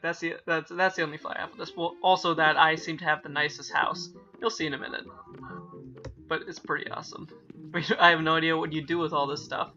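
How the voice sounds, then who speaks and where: A man's voice: a little high, sharp tone. A young man rambling casually over gameplay, often correcting himself mid-sentence. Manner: rambling, self-correcting, reads game dialogue aloud in playful voices. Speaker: let's-play gamer. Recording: dull lo-fi mic with faint game music.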